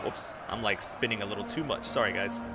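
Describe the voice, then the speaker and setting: A man giving excited, casual commentary on a battle while streaming a game. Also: fairly low pitch, fairly quick, a crowd in the background, background noise. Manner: excited, swears, lots of fillers. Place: home room.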